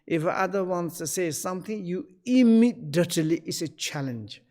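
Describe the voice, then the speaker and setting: A man with a slightly raised speaking voice teaches the dharma in an online session. His English comes in halting pieces, padded with fillers, and he acts out short snatches of everyday conversation. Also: on the high side, animated, darkish tone. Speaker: Buddhist teacher.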